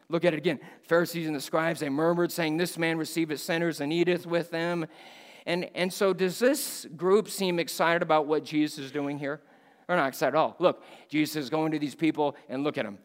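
Man, preacher, sermon, emphatic loud bursts, fairly high voice, long hall reverb. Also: a little fast. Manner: animated, rising to loud emphatic bursts and dropping low. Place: church at a missions conference.

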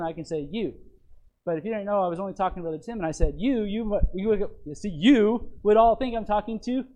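A man's voice: high-pitched, a little mellow, low-quality recording. A man, a pastor teaching from a sermon outline, often checking in with his listeners and repeating phrases. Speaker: pastor teaching a Bible lesson.

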